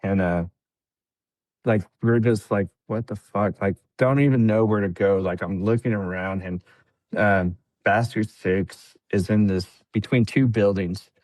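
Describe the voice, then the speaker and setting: Man, low voice, casual war storytelling, acts out quotes, dry close mic. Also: steady tone, a little slow, darkish tone, no echo. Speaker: podcast guest, veteran.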